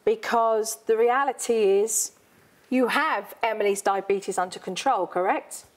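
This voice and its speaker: An unhurried woman with a mid-range voice hosts as a parenting expert, coaching parents and children. Her talk is direct and searching, with phrases often repeated for emphasis.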